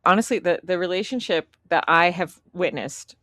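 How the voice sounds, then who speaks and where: A woman's voice: on the low side, animated, normal speed, bright, forceful tone, no echo, studio quality. A young American woman co-hosting a podcast, chatting casually with lots of laughter and rambling stories. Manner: giggly, rambling storyteller. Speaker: podcast co-host. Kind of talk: casual chat.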